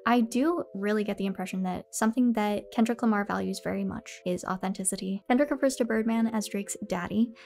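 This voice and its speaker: A woman's voice: medium pitch, a little fast, vocal fry, few pauses, a little mellow. A young woman streaming casually, reading annotations aloud and talking to her chat with frequent laughs. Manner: chatty and candid, laughs often, talks to chat.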